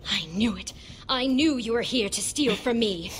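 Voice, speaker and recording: A woman's voice: on the high side, lively intonation, normal speed, a little hiss or hum, close to an everyday voice. An actress voicing a proud, cold woman who rules a city in a video game, haughty and icy. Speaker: game character.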